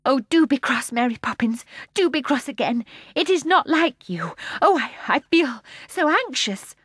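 A woman's voice: high voice, animated, normal speed, a bit bright, husky, no room sound, studio quality, voice pushed up, full character voice. A woman reading aloud, voicing a small boy who is crying and anxious. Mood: pleading.

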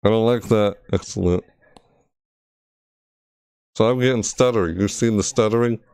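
In a dry, studio-quality recording, a man with a fairly low, a little mellow, smooth voice streams games from his computer at a moderate pace. His casual commentary is full of frustrated thinking aloud and remarks to his chat, with words repeated repeatedly during testing.

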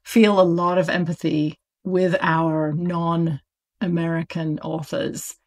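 This British woman, an audiobook publisher appearing as an interview guest, chats casually and animatedly with lots of fillers and laughter. Her voice is lowish and darkish, slow, with little movement in pitch.

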